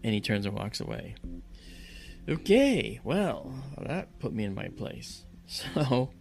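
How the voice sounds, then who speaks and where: Gravelly-voiced man telling a tense story. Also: on the low side, moderate pace, soft background music. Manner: animated storyteller who acts out quoted voices. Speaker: guest recounting a personal story. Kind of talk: storytelling in conversation.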